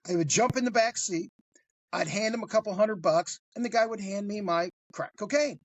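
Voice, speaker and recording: A man telling a tense true crime story in a casual podcast chat, lively and full of swearing. His voice is husky and a little rough. The sound is close and dry, with no room around it. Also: high voice, normal speed, no echo, muffled recording. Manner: animated, swears freely, acts out voices. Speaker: guest storyteller.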